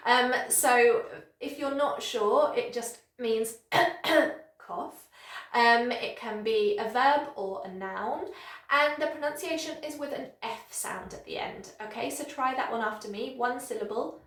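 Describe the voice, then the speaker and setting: A woman English teacher giving a pronunciation lesson, modelling words slowly and clearly and praising the learner. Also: on the high side, roomy sound. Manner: slow, exaggerated modelling of words with encouraging praise.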